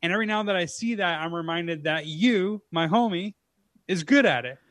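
A man's voice: high voice, lively intonation, normal speed, a bit bright, dry recording. A man co-hosting a casual chat, joking and riffing with made-up theories. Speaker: podcast co-host.

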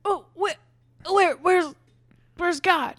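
A woman voicing a flustered, eccentric cat lady who stammers in a high, panicky voice. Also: drawn-out words, fairly bright tone, exaggerated voice. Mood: confused.

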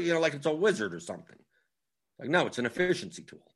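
Fast and animated, a man with a fairly high, slightly rough, somewhat bright voice hosts a fantasy sports strategy show. As the analyst, he explains casually and ramblingly, frequently repeating his words.

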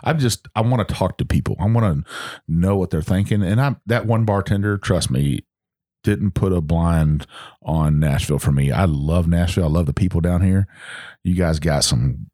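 A man's voice: low-pitched, normal speed, warm tone, no echo, studio quality. A middle-aged man talking in a sociable, earnest way as a guest in a casual podcast chat. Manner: earnest, sociable, plain-spoken.

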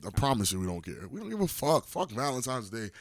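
A man's voice: mid-range voice, very animated, fast talker, a crowd in the background. A man co-hosting a podcast in casual chat, blunt, profane and teasing as he argues his point. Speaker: podcast co-host.

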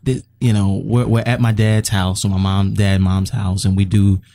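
A man telling a personal story as a guest on a talk show, animated and laughing often. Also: fairly low pitch, normal speed.

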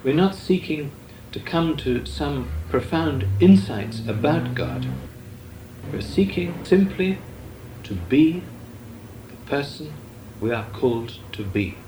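An older man teaches meditation in a slow, deliberate voice, his pitch rising and falling expressively. The recording is roomy and echoey, with a faint hiss beneath it. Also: very animated. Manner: measured, deliberate, with long pauses. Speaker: Benedictine monk teaching meditation. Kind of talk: slow meditative spiritual talk. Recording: echoey room with faint noise.

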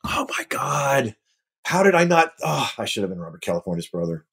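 A man, a guest actor, telling an animated, self-mocking anecdote in casual conversation and acting out the other people in it. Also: on the low side, fast, gravelly, husky. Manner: animated storyteller acting out quoted voices.

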